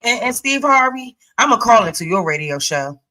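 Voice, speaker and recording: A woman with a bright, forceful tone speaking bluntly in heated panel chat. She talks straight to her listeners and calls them "y'all.". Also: fairly high pitch, very animated, moderate pace, poor audio. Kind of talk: casual heated commentary.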